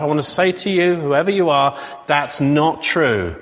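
A man's voice: fairly high pitch, unhurried, a bit bright. A man preaching a sermon as pastor, earnestly encouraging the congregation and leading them in prayer and declarations. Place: church hall. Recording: dull sound with long hall reverb.

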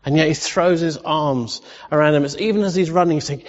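A man preaching a sermon as pastor, impassioned, rising to loud exclamations and sometimes emotional. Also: on the high side, fairly quick, few pauses. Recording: dull lo-fi sound with long reverb.

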